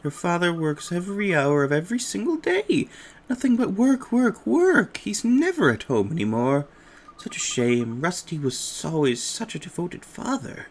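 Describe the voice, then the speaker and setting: Player doing a gossipy old lady neighbor, fussing and sympathetic, lively and quiet. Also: mid-range voice, moderate pace.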